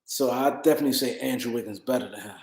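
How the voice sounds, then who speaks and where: A man's voice: mid-range voice, racing, a little mellow, roomy sound, poor audio. A tired man hosting a casual livestream, rambling and repeating himself as he talks to his chat. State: tired, yawning. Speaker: livestream host.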